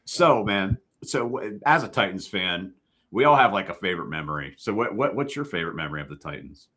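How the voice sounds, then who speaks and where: A podcast co-host from Ohio talks in a low voice with a bright, forceful edge. He chats in a laid-back way and chuckles now and then as he recalls things. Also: animated, a little fast. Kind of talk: casual chat.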